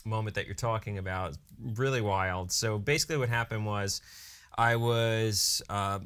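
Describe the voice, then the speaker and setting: Man, wedding DJ and podcast co-host, casual storytelling, lively delivery, bright tone. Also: lowish voice, clean tone. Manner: animated storyteller who briefly acts out his own hype announcements; frequent fillers like "you know" and "right".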